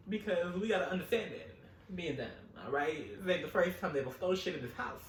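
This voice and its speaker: A man telling a wild true story in a casual vlog, animated and profane. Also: sits high, fast talker, reverberant, distant mic, slight background noise. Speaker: storytelling host.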